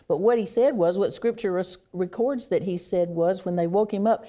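A woman preaching a sermon, reflective and unhurried, sinking to a near hush on key phrases. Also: medium pitch.

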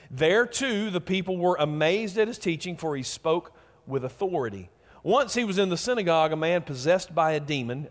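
Guy preaching, kinda high voice, earnest, repeats himself as he builds, long hall echo. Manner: earnest, repeats words while building emphasis. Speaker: pastor. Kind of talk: sermon.

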